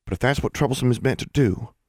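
A man's voice: medium pitch, quick pace, a little mellow, no echo, clean studio sound, voice pushed up, natural voice. A man voicing a stubborn, proud teenage girl from a traditional rural clan. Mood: defensive. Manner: stiff and stubborn.

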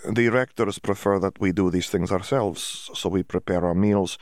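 A man's voice: deep voice, steady tone, no echo, studio quality, lightly acted. Man doing a stammering foreign young wizard. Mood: earnest. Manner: halting broken English, stammers, hunts for words. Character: awkward cheerful foreign young wizard student.

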